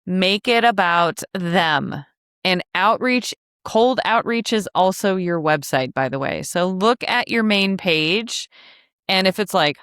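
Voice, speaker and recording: A woman's voice: mid-range voice, expressive, slow, a bit bright, smooth, no echo, studio quality. A woman hosting a casual teaching podcast for travel advisors, talking in a chatty, frank way with joking asides. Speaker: podcast host, travel agency coach.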